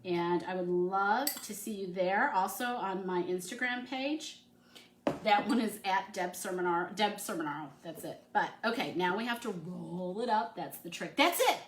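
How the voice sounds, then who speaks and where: A woman's voice: medium pitch, normal speed, slight background noise. A middle-aged woman hosting a casual cooking demonstration, chatty and enthusiastic as she works in her home kitchen. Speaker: cooking show host. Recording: echoey room.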